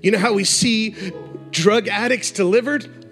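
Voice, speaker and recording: Male revival preacher, high voice, fervent, faint music bed. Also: measured pace. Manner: passionate, swings from hushed to rising exhortation. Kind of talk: sermon.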